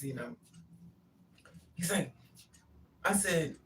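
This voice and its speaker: A woman's voice: fairly low pitch, expressive, a little slow, pauses often, far from the mic, a little hiss or hum. A woman vlogger telling a personal story in a blunt, profane, casual way, laughing between lines.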